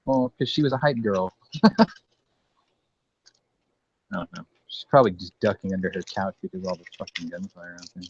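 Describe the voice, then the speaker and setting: A male podcast host with a low, husky, expressive voice rambles through stories at a moderate pace, swearing freely and leaving long pauses in the casual chat. The audio is dull and lo-fi with faint noise.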